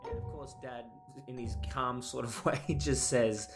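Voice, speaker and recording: A man in relaxed podcast chat, telling stories about his father and laughing easily. His voice sits at an ordinary pitch, with soft music faint behind him. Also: measured pace. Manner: animated, laughs often while telling family stories. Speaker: podcast co-host. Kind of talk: casual storytelling chat.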